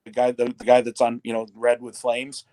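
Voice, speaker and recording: A man's voice: mid-range voice, completely flat delivery, fairly quick, mellow. A man who is a guest artist, chatting casually with the host and laughing often. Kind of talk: casual chat.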